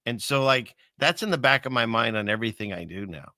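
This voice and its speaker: Bright, dry-voiced male host. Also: medium pitch, expressive, no echo. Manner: earnest, halting, faith-focused talk. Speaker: show host. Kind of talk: casual chat on an online show.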